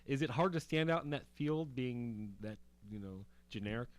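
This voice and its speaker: A man's voice: medium pitch, lively intonation, normal speed. A man hosting a comedy talk show, rambling and teasing with lots of "like" and false starts. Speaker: host.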